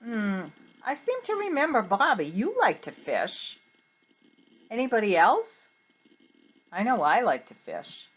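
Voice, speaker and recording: A middle-aged woman teacher tells a Bible story to children in an animated, questioning way. She talks slowly, with a wide, sing-song pitch range. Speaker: Sunday school teacher.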